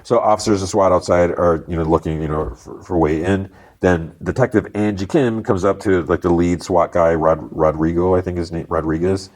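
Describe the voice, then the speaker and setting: A man's voice: deep voice, fairly even intonation, normal speed, a little mellow. A man hosting a podcast, casually recapping a TV episode in a rambling way with many fillers. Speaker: podcast host.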